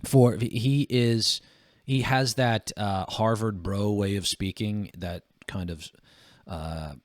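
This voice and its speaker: A man's voice: fairly low pitch, dry recording, clean studio sound. A man co-hosting a political podcast, talking casually with many restarts and bursts of emphasis. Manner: halting, restarts a lot, animated when riled. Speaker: podcast co-host.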